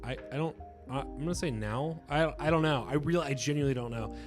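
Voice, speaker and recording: A man's voice: on the high side, fast, loud music behind the voice. A man chatting casually to his viewers as he reads quiz items aloud. He rambles, hesitates and swears freely. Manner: profane, rambling, hesitant with filler words. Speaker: YouTuber taking an online quiz.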